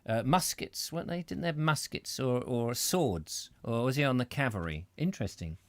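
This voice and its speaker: Middle-aged male host, rambling and chatty, very animated pitch, dry close sound. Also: normal speed, no room sound. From Britain. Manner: rambling, self-interrupting, chatty asides. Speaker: reader and host. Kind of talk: live reading with chat comments.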